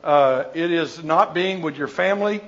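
Older man telling stories with a rambling, jokey warmth. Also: on the high side, normal speed, dull audio. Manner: animated anecdotal storyteller, jokey, rambling with restarts. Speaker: missionary answering audience questions. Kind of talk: informal Q&A talk with storytelling.

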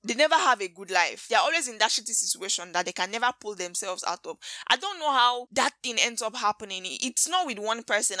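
Bright-voiced Nigerian woman podcaster. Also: mid-range voice, dry recording. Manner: animated, gossipy storytelling with slangy asides. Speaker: podcast host. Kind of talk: casual movie recap chat.

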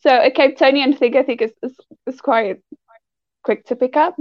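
A woman's voice: high-pitched, steady tone, normal speed, no room sound, dull audio. A woman with a South African accent chatting as a pageant guest, bubbly and fond of acting out quotes. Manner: bubbly, acts out quotes in funny voices. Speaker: pageant contestant. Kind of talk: casual chat.

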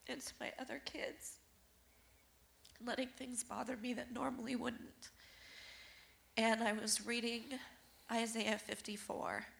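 A woman in a church sanctuary giving a personal testimony while crying, halting and apologetic. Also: fairly high pitch, gravelly, fairly bright tone.

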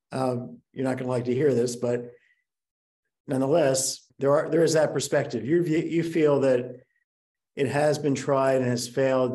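Male host, mellow tone, measured and calm when challenging a guest. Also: mid-range voice. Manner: measured, pushing back calmly. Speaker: interview host. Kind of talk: interview conversation.

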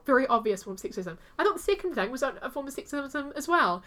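She has a high, fast-talking voice and co-hosts a casual podcast chat. Her storytelling is animated, and she acts out the voices of the people she quotes.

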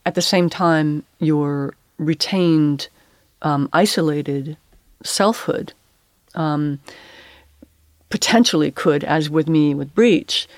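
A woman's voice: deep voice, dry recording. Thoughtful woman, dry close sound. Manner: halting, searching for words, academic phrasing. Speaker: poet and English professor, guest. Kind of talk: reflective interview talk.

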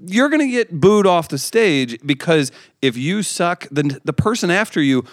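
A man's voice: a little high, big pitch swings, normal speed, no echo, studio quality. A man hosting a casual podcast, chatty and enthusiastic with his guest. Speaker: podcast host.

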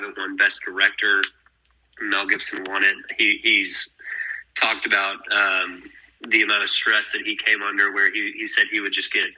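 A young man from Texas hosts a podcast, rambling through recaps with lots of "um" and "like." His voice sits slightly low, very bright and a bit husky, like a radio-style podcast. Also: low-quality recording. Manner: rambling, filler-heavy recaps. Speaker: podcast host. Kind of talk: casual chat.

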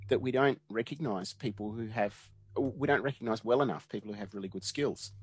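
A man's voice: lowish voice, brisk, breathy edge, dry recording. A man in his fifties with an Australian accent, a guest in an interview telling stories from his working life. He laughs often and acts out what other people said. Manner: animated, laughs often, acts out quoted dialogue. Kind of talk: casual storytelling interview.

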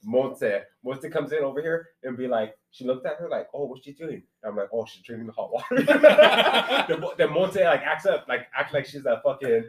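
A man's voice: mid-range voice, sing-song, moderate pace, hardly any pauses. A young man telling a workplace prank story in a laid-back way, chuckling as he goes. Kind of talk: casual storytelling among friends. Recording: roomy, echoey sound.

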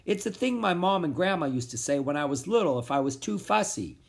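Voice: animated, fairly quick, vocal fry. A storybook reader voicing Pip, a small playful male forest creature with a sing-songy voice. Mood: sheepish. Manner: sing-songy, high and bouncy.

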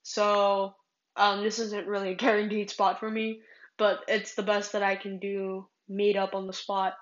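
Slow, rambling woman podcaster. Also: mid-range voice, little pitch movement, reverberant, dull audio. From California. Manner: rambling, many fillers and restarts. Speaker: podcast host. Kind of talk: casual solo podcast monologue.

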